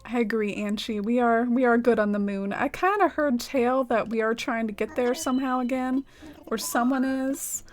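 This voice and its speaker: Chatty woman streamer, higher voice. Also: normal speed, soft background music. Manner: chatty, rambling, peppered with "like". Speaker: game streamer. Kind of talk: casual live-stream chat.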